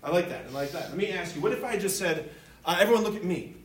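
A priest giving a lively, joking talk to teenagers in a room, often stopping to ask the audience questions. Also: male voice, high voice, quick pace, slightly rough. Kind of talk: interactive talk to teens. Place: room with a live youth audience.

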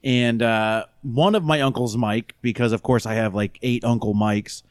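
A man's voice: mid-range voice, normal speed, smooth, dry recording, studio quality. A man co-hosting a podcast in casual chat, telling a family story and acting out the quotes. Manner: animated storyteller, shouts the quoted lines. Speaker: podcast co-host.

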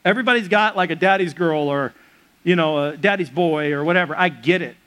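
High-voiced pastor preaching, chatty and joking. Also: male voice, brisk, a bit bright. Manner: conversational, joking with the congregation. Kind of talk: sermon. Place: church.

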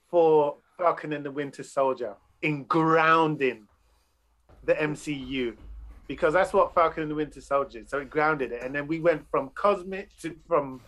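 A man's voice: a little high, fairly bright tone. A man in casual podcast chat about films, talking in a loose, profane, enthusiastic way. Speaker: podcast panelist.

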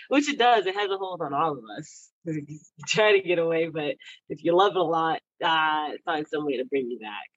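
A woman's voice: deep voice, normal speed, no room sound, dull audio. A young woman from Texas, a guest chatting casually in an interview, laughing often between stories. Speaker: athlete guest.

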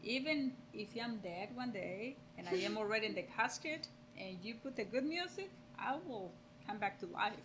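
Bright-voiced woman. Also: on the high side, normal speed, hardly any pauses, a little hiss or hum, low-quality recording. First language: Spanish. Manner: laughing, repeats words, animated. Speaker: podcast guest, host's mother. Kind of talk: casual chat.

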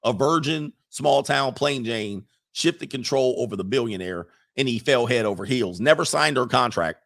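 This is a mid-range, expressive male voice at a normal pace, slightly bright with some creak. He's a middle-aged streamer and coach, laughing his way through viewer comments in a loose, slangy, storytelling manner during a casual livestream.

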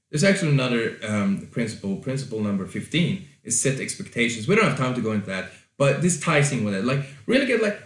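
A man's voice: a little high, reverberant. A man talking loosely as a podcast host, giving advice with fillers, restarts and the odd swear word. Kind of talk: casual advice monologue.

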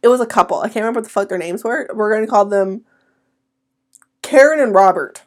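A woman's voice: medium pitch, fast talker. Blunt young woman in casual chat. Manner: blunt, profane, laughs often. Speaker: podcast co-host.

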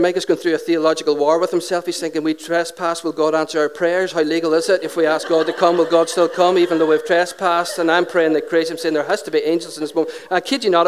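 Man, pastor, higher-pitched, sermon, lively anecdotes, acts out dialogue. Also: clean tone. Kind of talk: sermon storytelling.

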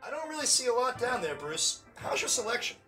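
A man's voice: extremely high pitch, big pitch swings, fairly quick, bright, forceful tone, faint music behind, exaggerated voice. A man voicing a doubtful, dithering customer in a spoof car ad. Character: hesitant male customer in a spoof ad.

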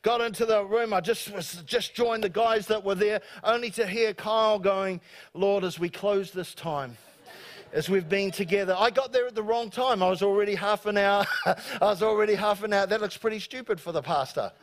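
A man with a New Zealand accent delivers a sermon to his congregation. His voice sits high, and he talks in an animated, joking way, slipping into quoted voices to make his points. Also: fairly quick. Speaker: pastor. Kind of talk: live sermon. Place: church service before a congregation.

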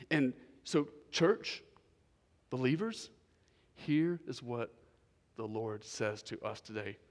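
Emphatic preaching man in a reverberant hall. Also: medium pitch. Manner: emphatic preaching, repeats key phrases, swings between loud stresses and quiet asides. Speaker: pastor. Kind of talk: sermon. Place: church.

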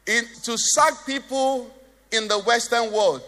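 A man's voice: very high-pitched, a little slow, sharp tone, long reverb tail. A Nigerian man preaching a sermon as pastor, joking and asking the congregation questions. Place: church hall.

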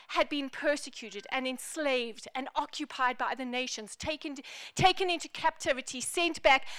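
Bright high-voiced woman preaching. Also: dry recording, clean studio sound. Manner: animated, playful, emphatic preaching. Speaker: pastor. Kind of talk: sermon.

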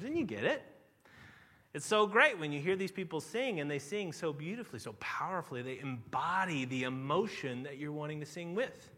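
Bright-voiced preacher man in a reverberant hall. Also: on the high side, lively intonation, normal speed. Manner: earnest, conversational preaching with sudden quiet drops. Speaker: pastor. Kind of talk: sermon.

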